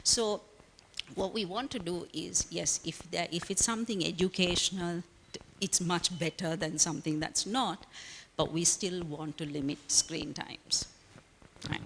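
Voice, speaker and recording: A woman's voice: lowish voice, fairly even intonation, a little slow, creaky, a bit bright, a little hiss or hum. A woman counselor giving an emphatic interview answer who keeps asking "right?". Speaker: guest, counselor. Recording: long reverb.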